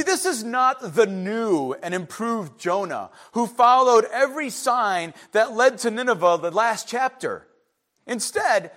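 A pastor preaching an animated sermon, sometimes acting out biblical figures with sarcasm. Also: male voice, very high-pitched.

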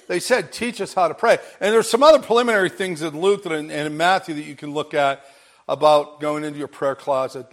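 A man with a voice on the high side preaches an emphatic sermon, repeating phrases and swinging between quiet and loud. Every so often he laughs.

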